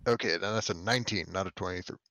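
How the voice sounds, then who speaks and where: Man, tabletop player, gravelly voice, dry close sound, quick jokey talk. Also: low-pitched, bright, forceful tone, no echo. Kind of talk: casual tabletop game chat.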